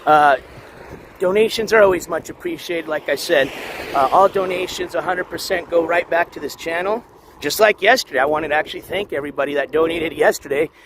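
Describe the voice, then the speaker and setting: A man hosting a casual walking livestream outdoors, reading the chat aloud, shouting thanks for donations, and losing his voice. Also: a little high, brisk. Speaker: livestream host. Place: outdoors on city streets, walking dogs. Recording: faint street noise outdoors.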